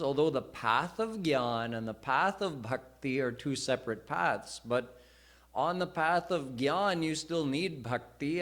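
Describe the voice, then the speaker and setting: A man preaching a live sermon, teaching in a measured way and telling parables. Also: medium pitch, fairly bright tone. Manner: slow, deliberate teaching. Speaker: senior preacher. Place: temple hall.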